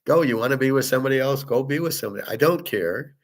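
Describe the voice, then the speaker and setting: A man's voice: mid-range voice, animated, quick pace. A middle-aged man hosting a casual monologue, telling a personal story in a blunt, profane way. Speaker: host.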